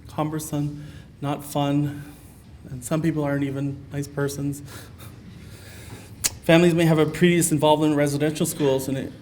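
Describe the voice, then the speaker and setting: A man's voice: mid-range voice, a little mellow, slight background noise. A man from Canada giving a keynote talk at a conference, earnest and personal, telling stories with many fillers. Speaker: keynote speaker. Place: conference hall.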